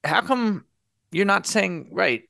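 A man hosting a podcast with a fairly high, very animated voice that leaps up and down. His delivery is wry and sarcastic. The sound is dry and close. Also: slow pace, gravelly, dry recording. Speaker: podcast host. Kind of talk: casual podcast chat.

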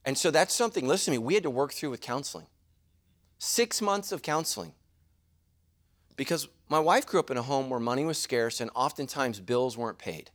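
Animated joking pastor, lively pitch. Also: male voice. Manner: animated, jokey preaching with quick asides. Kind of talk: sermon.

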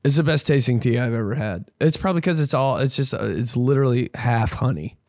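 A man hosting a comedy podcast, ranting casually with lots of swearing, rambling restarts and sudden loud mocking voices. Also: medium pitch, expressive, fairly quick, dry recording, clean studio sound.

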